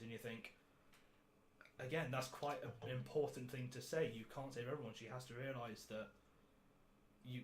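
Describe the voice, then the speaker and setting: A man's voice: medium pitch, steady tone, moderate pace, pauses often, a little hiss or hum. A man hosting a podcast, reviewing a film in casual chat, sarcastic and ranting, swearing freely and laughing at his own jokes. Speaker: podcast host.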